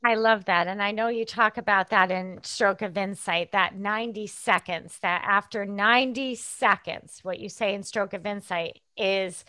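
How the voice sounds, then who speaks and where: Woman host, bright tone, eager questions, dry close sound. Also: mid-range voice, moderate pace, hardly any pauses, no room sound. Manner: enthusiastic, animated questions. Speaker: interview host. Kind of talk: interview conversation.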